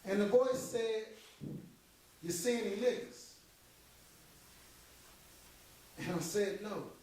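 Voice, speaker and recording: A man's voice: sits high, measured pace, warm tone, a little hiss or hum. An actor on a theater stage playing a veteran male stand-up comic who teases the crowd and then turns reflective. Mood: earnest. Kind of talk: live stage stand-up impression. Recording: very echoey hall heard from far off.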